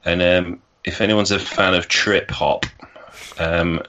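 A man's voice: deep voice, steady tone, takes it slowly, sharp tone, a little hiss or hum. A man eagerly cutting in during a podcast chat. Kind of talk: casual chat.

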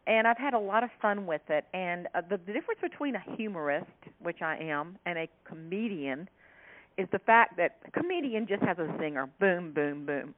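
A woman from South Carolina, an author and humorist, telling stories in an animated way as a guest in an interview. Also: mid-range voice, a little fast. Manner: animated, laughing storyteller. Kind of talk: storytelling interview chat. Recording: tinny phone line.

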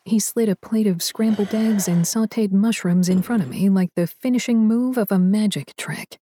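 A woman narrates an audiobook in the first person with a soft, mellow voice. Her delivery is wry and dry, with a quiet hiss of noise underneath. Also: medium pitch, moderate pace.

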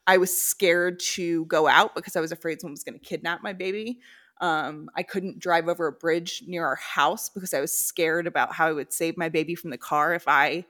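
Her voice sits fairly low with a fairly bright tone. She hosts a podcast, reading out stories from listeners before chatting openly with her guest in a relaxed way.

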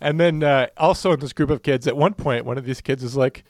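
In studio-quality audio with no room sound, a man with a mid-range, darkish voice speaks fairly quickly. He's a former cop co-hosting a casual podcast, joking around and rambling through stories full of fillers.

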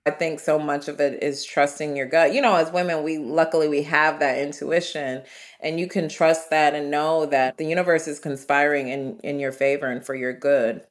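Female guest, American, deep-set voice, lively storyteller. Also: normal speed. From United States. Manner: vivid, animated storytelling with quoted asides. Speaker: guest traveler. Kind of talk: storytelling interview.

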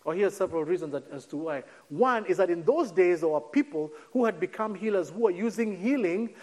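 A male pastor preaching a sermon, dropping to a near hush on key words and then lifting again, slowing down for emphasis. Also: high-pitched, lively intonation. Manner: preaching with dramatic drops to a near hush and sudden lifts; slows right down on key phrases.

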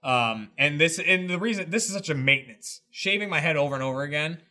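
A man's voice: on the high side, fast talker. A man on a casual podcast, telling a story with lots of swearing and acted-out quotes. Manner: animated storytelling, swears a lot, acts out quotes. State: shaved head. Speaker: podcast co-host. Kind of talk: casual chat.

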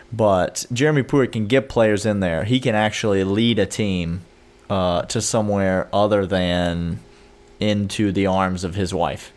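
A man co-hosting a casual sports chat, joking and mock-serious, often rambling with fillers. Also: lowish voice. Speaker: sports podcast co-host.

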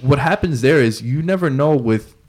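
A man's voice: medium pitch, animated, normal speed, a little mellow. Slangy male sports podcast co-host. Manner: slangy, rambling. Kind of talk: casual sports chat.

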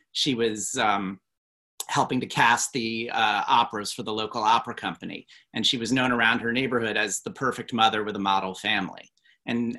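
Author guy answering questions, bright voice, mid pitch, talks in long flowing stretches. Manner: speaks fluently, with some restarts and fillers. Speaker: author, guest. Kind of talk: interview answers.

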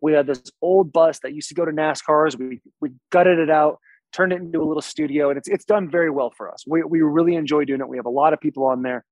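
A man's voice: a little high, steady tone, fast, a little mellow, no room sound, low-quality recording. Laid-back young man, dry close sound. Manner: boisterous, laid-back storytelling. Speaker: pro football player guest. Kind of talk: casual podcast chat.

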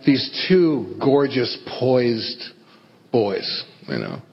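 A middle-aged man doing stand-up storytelling, self-deprecating and animated. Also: medium pitch, very slow, creaky. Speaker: stand-up comedian. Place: theater stage before an audience. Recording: echoey hall, dull lo-fi sound, faint hiss.

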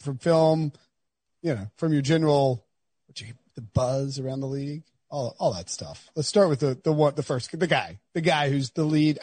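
A man's voice: a little high, a little mellow, no echo. A man hosting a sports podcast, talking casually and rambling a little, with jokey asides and frequent restarts. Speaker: podcast host.

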